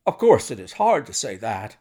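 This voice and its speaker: A man's voice: mid-range voice, huge pitch swings, moderate pace, warm tone. A man voicing a nervous, jumpy middle-aged man who talks in a jittery, pleading way.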